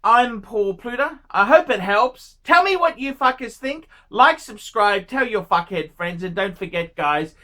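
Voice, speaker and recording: A man bluntly answering viewer questions, scolding and swearing, often clearing his throat. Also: sits high, animated, measured pace, hardly any pauses, pushed and bright. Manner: profane, scolding, ranting; frequent throat clearing and coughs. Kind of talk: blunt advice monologue.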